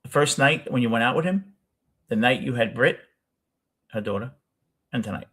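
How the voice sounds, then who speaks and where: A man's voice: mid-range voice, lively intonation, moderate pace, fairly bright tone, slightly rough. An older man with a New York accent, telling a rambling personal story as the host of a casual talk show. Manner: rambling, self-correcting storyteller.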